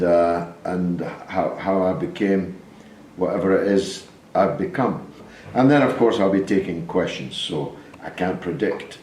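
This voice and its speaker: A man's voice: sits low, a little mellow. A Scottish man in his sixties, from Dundee, giving a plain-spoken talk with wry asides to a packed theatre audience. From Dundee, Scotland. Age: 60s. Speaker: host speaking at his own roadshow. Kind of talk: public talk to a live audience. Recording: echoey theatre with background noise.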